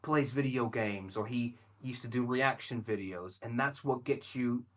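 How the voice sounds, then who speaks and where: A man in casual podcast chat who rants with lots of swearing. His pitch sits in the middle range, and he jumps into animated asides. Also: unhurried. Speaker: podcast co-host.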